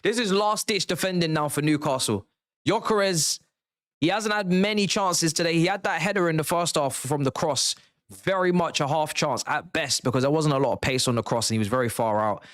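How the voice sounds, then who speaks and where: A man hosting a live football watchalong, reacting in a slangy, excitable way, swinging between mumbled asides and shouted outbursts. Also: a little high, a little fast. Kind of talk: live match reaction commentary.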